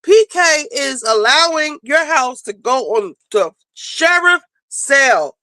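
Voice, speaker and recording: Female host, high voice, dry close sound, blunt and profane, casual commentary. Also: no room sound, low-quality recording. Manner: blunt, profane, fast-talking, animated. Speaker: show host. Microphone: home streaming setup.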